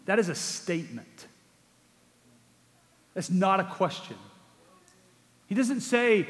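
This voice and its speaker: A man's voice: high voice, lively intonation, slow, pauses often. A man preaching a sermon in a conversational way, asking rhetorical questions and repeating words for emphasis. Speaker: pastor. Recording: long hall reverb.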